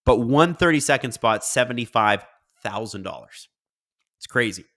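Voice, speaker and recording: A man hosts a casual live stream, reading viewer comments aloud and riffing on them chattily. His voice is medium-pitched and fairly bright, with lively intonation and a moderate pace.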